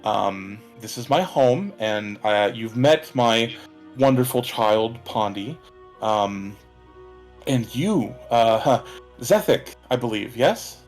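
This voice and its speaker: A gentle, motherly old half-elf woman , as a man puts her on in a tabletop game. She speaks softly and welcomingly, with halting fillers. Faint music plays behind. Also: medium pitch, animated.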